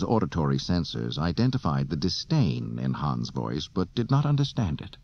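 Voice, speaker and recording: A man narrating an audiobook in a lively, dramatic storytelling manner. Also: extremely low pitch, moderate pace, few pauses. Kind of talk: scripted narration. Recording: dull dry cassette audio.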